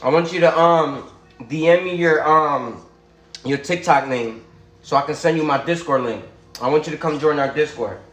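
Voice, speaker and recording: A man's voice: on the high side, moderate pace, a bit bright, roomy sound, a little hiss or hum. A man hosting a livestream video call, chatting casually and supportively, often saying "bro" and "you feel me". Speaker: livestream host.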